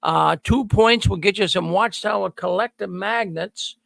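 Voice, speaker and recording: A man's voice: high-pitched, unhurried, creaky, fairly bright tone, no echo. A middle-aged man hosting a call-in show, talking to viewers in a folksy, emphatic way and repeating words for stress. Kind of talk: energetic monologue to viewers. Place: studio.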